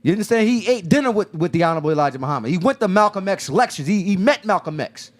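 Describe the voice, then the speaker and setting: A man's voice: high-pitched, animated, quick pace. A man hosting a casual discussion, telling stories with lots of restarts and acting out quoted dialogue. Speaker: podcast host.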